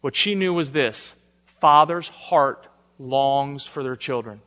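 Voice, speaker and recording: A man preaching a sermon, shifting between soft, intimate lines and emphatic declarations. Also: mid-range voice, takes it slowly. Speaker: pastor. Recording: long hall reverb.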